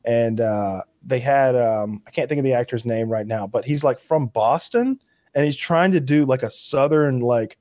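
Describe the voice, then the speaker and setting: A man talks in a loose, rambling way, stacking fillers and false starts as his enthusiasm builds. His pitch sits mid-range, and the sound is dry and close to the mic, with no room echo. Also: normal speed, darkish tone. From Kentucky. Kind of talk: casual chat.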